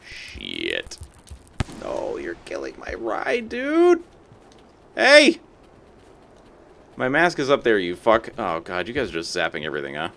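At a normal speed, a man with a low, creaky voice chats to his stream audience and to the on-screen creatures while he plays live, with a bit of hiss or hum in the audio. When trouble hits, he excitedly yelps and swears.

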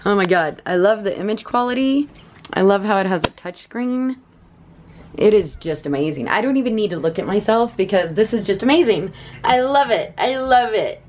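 A woman's voice: medium pitch, animated, moderate pace, a little mellow. A woman vlogging casually with a gushing, giggly enthusiasm, first at home and then from her car. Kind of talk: casual vlog chat.

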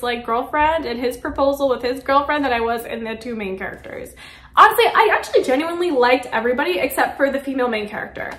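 A woman's voice: sits high, fairly bright tone, echoey room. A woman chatting casually through a monthly book wrap-up at home, gushing and saying "like" a lot. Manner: chatty, gushing, heavy use of "like". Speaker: book reviewer. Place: room at home during a power cut, daylight fading.

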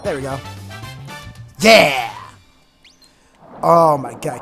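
A man gives let's play commentary on a video game in a slightly high, chatty voice. He is excitable, bursts into shouts and half-sung lines when thrilled, and faint game music plays underneath. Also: very slow, long pauses. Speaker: gaming YouTuber.

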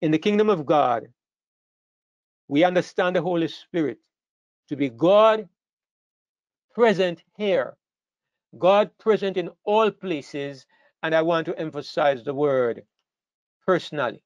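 A man's voice: lively intonation, takes it slowly, long pauses, darkish tone, no echo. Emphatic male preacher, dry dull sound. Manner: emphatic, rising sharply in pitch and volume on key phrases, with frequent restarts. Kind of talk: sermon.

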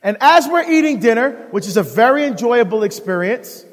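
A deacon giving a live talk on marriage to an audience, telling animated stories and acting out the dialogue. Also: male voice, very high voice, moderate pace. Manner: animated storyteller who acts out dialogue. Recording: long hall reverb.

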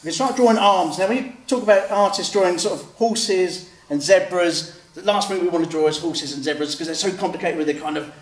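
A man's voice: high voice, fast talker, hardly any pauses. A man, an author and illustrator, chatting through a step-by-step drawing demonstration and acting out children's replies. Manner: chatty, explains step by step, acts out kids' replies. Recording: roomy sound, mic at a distance, faint background noise.

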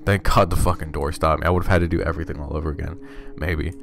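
A deep-voiced man narrates his own video game playthrough in a loose, casual way. He swears constantly and drops wry, offhand remarks between moves, and faint music plays behind him. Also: fairly even intonation, fast, creaky. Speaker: game streamer. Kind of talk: casual let's-play commentary.

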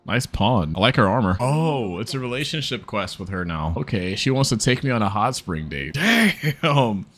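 A man riffs over his gameplay in casual, profane commentary. He jokes, laughs often and talks right to his audience. His voice swings widely in pitch. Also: very animated, moderate pace, few pauses, a bit bright. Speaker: gaming video creator.

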